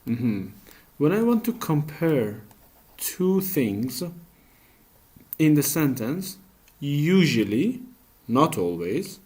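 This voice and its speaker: Male teacher, patient classroom voice, unhurried, asks and answers his own questions. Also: medium pitch, very animated, darkish tone. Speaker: English teacher. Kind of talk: classroom grammar lesson.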